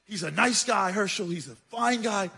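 A man telling a religious story in a chatty way, talking straight to his listeners with quick asides. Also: high voice, creaky, husky. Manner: chatty, addresses listeners directly; animated, with quick asides and repeated phrases.

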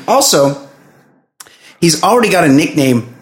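A man's voice: fairly high pitch, normal speed, slight background noise. A man hosting a podcast, reviewing a movie in casual, joking banter and swearing freely. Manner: animated, joking, acts out quotes, swears. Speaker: podcast host. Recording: echoey room.

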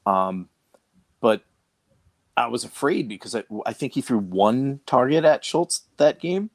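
A man with a Boston accent talking fantasy football as a co-host, in a halting way with many restarts and fillers. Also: mid-range voice, animated, no room sound. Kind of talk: casual sports chat.

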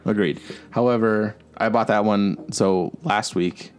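A man's voice: fairly low pitch, steady tone, a little slow, smooth. A man co-hosting a podcast in casual chat, rambling with frequent restarts and easy laughs. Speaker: podcast co-host.

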